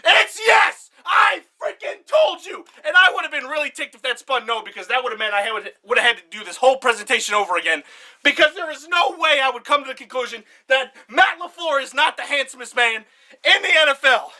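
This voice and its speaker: A young man giving a mock-serious comedic presentation, passionate and out of breath, bursting into shouts. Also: very high-pitched, animated, fast.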